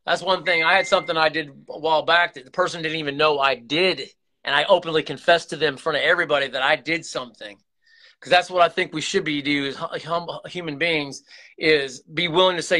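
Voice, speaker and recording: A man's voice: fairly high pitch, fairly even intonation, fairly quick, sharp tone. A man hosting his own channel, talking earnestly and emotionally in a rambling confessional way, with many restarts and repeated words. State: emotional, close to tears. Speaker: YouTube channel host. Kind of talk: candid confessional vlog talk.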